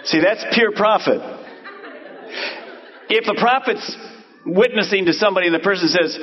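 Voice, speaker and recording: A man preaching a sermon as pastor, animated and acting out quoted voices. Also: sits high, normal speed, pauses often, highs cut off.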